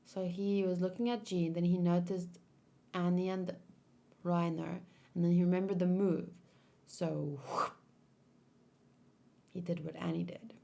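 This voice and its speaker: A woman's voice: lowish voice, little pitch movement, a little slow, vocal fry, pauses often, warm tone. A woman reading a manga aloud, breaking off for chatty asides about the pictures. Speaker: reader. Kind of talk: manga read-along with commentary.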